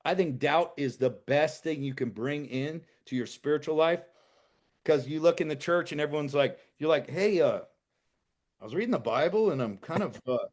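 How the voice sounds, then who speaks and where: A man speaking as a podcast guest, fervent and blunt, cursing as he makes his points. His voice sits somewhat high for a man. He swings from quiet musing to loud, emphatic declarations. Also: normal speed. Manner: impassioned, swears freely, rising to emphatic outbursts. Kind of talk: casual podcast chat.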